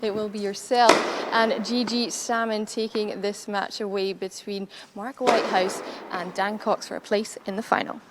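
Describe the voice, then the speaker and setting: A woman interviewing courtside at a tennis event, asking brisk, leading questions. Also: medium pitch, little pitch movement, very noisy.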